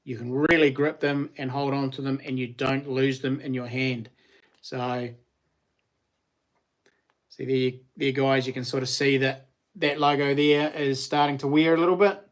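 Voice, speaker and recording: A man's voice: mid-range voice, flat delivery, unhurried. A middle-aged man, chatting casually about his handmade knives, easygoing and rambling with ums and restarts. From New Zealand. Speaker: vlogger and knife maker. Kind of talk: casual show-and-tell chat.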